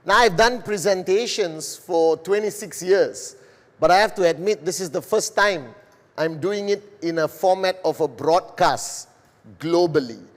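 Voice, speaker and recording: Slow, deliberate Malaysian-born man presenting. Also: high voice, big-room sound. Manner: slow, deliberate, addressing a global audience. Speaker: business presenter. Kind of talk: live broadcast sales presentation.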